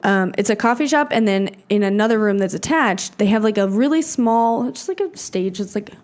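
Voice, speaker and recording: A woman's voice: medium pitch, expressive, moderate pace, darkish tone. A woman in her twenties co-hosting a podcast, chatting casually with lots of "like" fillers and loose swearing. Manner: chatty, filler-heavy, swears freely, acts out quotes. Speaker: podcast co-host. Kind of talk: casual chat.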